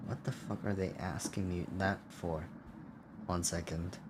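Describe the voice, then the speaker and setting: A man's voice: deep voice, fairly even intonation, measured pace, background noise. A man playing a video game, casually commenting and reading the game's text aloud, swearing often in a dry, sardonic way. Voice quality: profane, sardonic. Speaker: gameplay streamer.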